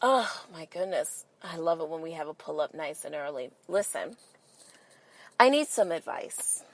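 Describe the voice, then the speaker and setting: A woman's voice: low voice, animated, moderate pace. A woman hosting a podcast in a casual monologue, emphatic and swearing freely, firing rhetorical questions at listeners. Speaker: podcast host.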